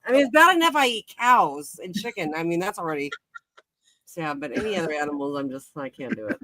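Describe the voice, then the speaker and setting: Fast-talking, blunt woman co-host. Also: on the low side, lively intonation, sharp tone, no room sound, poor audio. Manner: blunt and profane, laughing. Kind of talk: casual joking chat.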